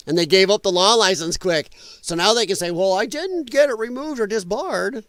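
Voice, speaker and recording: A middle-aged man runs a casual livestream from his basement, talking bluntly and rambling between remarks. His voice sits high for a man and keeps cracking with strain. The sound is dry and close, with no room echo. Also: lively intonation, normal speed, a bit bright. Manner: blunt, rambling, greets chat viewers by name. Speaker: livestream host. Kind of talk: casual political livestream chat. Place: home basement.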